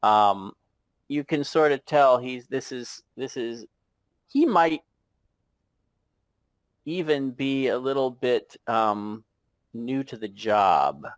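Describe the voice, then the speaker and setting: A man narrating a tabletop game as game master, halting and chuckling as he goes. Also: mid-range voice, lively intonation, no room sound. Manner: halting, many fillers and restarts, chuckling.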